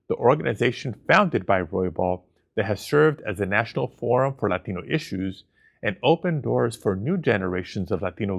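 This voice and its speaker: Man in his forties, gravelly voice, formal prepared acceptance speech, measured delivery. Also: fairly low pitch. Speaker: award recipient, senator.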